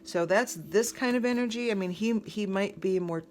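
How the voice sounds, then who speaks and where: A woman's voice: medium pitch, moderate pace, darkish tone, slight background noise. A woman giving a casual tarot reading, talking in a rambling, conversational way with lots of fillers and restarts. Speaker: tarot reader.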